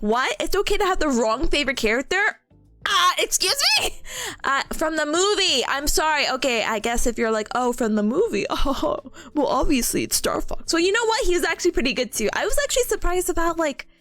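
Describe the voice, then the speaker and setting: A woman's voice: high voice, a bit bright. A woman streamer chatting casually with her viewers, bubbly and giggly, often gushing. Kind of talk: casual chat with chat readers.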